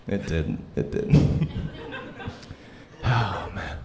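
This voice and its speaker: A man in his thirties doing a live stand-up set at a comedy club, telling stories and acting out people in loud, high voices. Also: moderate pace, noisy background. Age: 30s. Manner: animated storytelling, acts out characters in loud high voices. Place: comedy club stage before a laughing audience.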